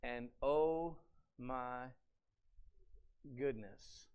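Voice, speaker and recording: A male pastor preaching a sermon as an animated storyteller, dramatizing scripture with rhetorical questions to the congregation. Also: medium pitch, extremely slow, clean tone. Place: church sanctuary.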